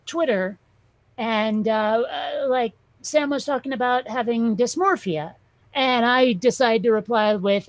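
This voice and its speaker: A woman host rambling through a comic story with profane asides. Her voice sits a little high and comes across dry and close. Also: measured pace, no room sound, low-quality recording. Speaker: show host. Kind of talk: casual chat.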